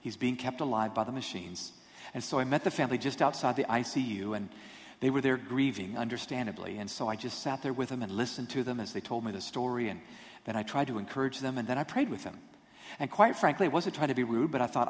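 A man preaching a storytelling sermon, animated and self-deprecating in his humor. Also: mid-range voice, quick pace. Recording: long hall reverb.

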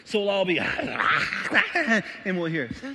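Middle-aged pastor in a reverberant hall. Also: male voice, sits high, takes it slowly, gravelly. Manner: animated storytelling, swings between loud and hushed. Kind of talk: sermon. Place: church auditorium. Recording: long reverb of a large hall.

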